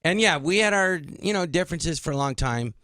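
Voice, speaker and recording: A man's voice: on the high side, a little fast, clean tone, no room sound. Middle-aged man telling stories animatedly. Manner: animated, acts out quoted dialogue. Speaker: guest comedian. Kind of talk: casual interview storytelling.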